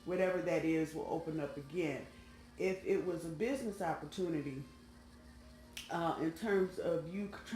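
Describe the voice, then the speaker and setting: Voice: mid-range voice, a little mellow, a little hiss or hum. A tarot reader chatting casually and colloquially to viewers while laying out cards. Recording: roomy sound, faint background music.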